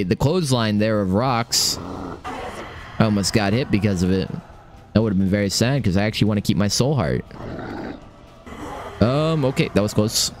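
A young man commentating his own game run, excitable and swearing, talking to himself. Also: on the low side, noisy background. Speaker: gaming streamer. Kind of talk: live let's-play commentary.

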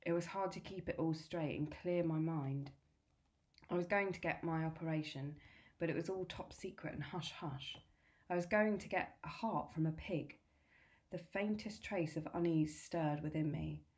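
A woman tutor reading a novel aloud, steady and clear. Her voice sits low for a woman. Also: moderate pace.

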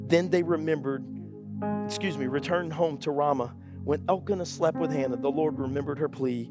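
A man preaching a sermon as pastor, fervent and acting out quotes. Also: on the high side.

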